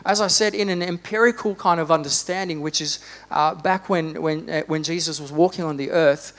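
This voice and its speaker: A man preaching a sermon in a church, fervent, rising to loud exhortation and dropping to quiet reflection. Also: fairly high pitch, moderate pace. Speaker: pastor.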